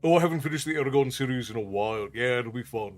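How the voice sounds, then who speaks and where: A man's voice: medium pitch, lively intonation, racing, faint music behind. A man from New York City, a streamer, chatting casually with viewers, reading their messages aloud and laughing often.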